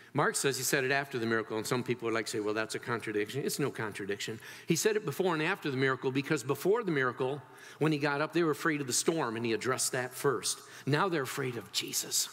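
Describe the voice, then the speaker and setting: Man, pastor, preaching a sermon, animated storytelling, long reverb of a big hall. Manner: animated storytelling with wide swings in pitch and loudness.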